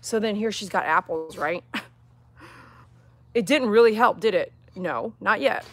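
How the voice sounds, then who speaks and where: A woman's voice: medium pitch, measured pace, husky. A woman dog groomer talking outdoors on a live-streamed grooming demonstration, chatty, coaxing and reassuring.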